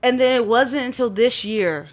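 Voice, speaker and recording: A woman sharing her life story on a panel, lively and expressive. She often breaks into the voices of people in the story. Her voice sits a little high. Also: moderate pace. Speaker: panel guest.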